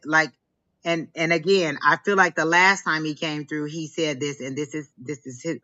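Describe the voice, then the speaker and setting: A woman's voice: low voice, steady tone, normal speed, pushed and bright, dull audio. A woman co-hosting a live stream and giving a psychic reading, talking in a rambling way with many "like"s. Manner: rambling, heavy use of "like". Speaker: psychic reader and co-host.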